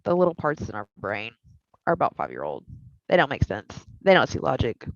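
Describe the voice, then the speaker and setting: Gravelly, lively woman therapist teaching. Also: rumbling low, brisk, dry recording. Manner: candid, animated, conversational. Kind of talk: teaching a therapy skills class. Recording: dull lo-fi recording.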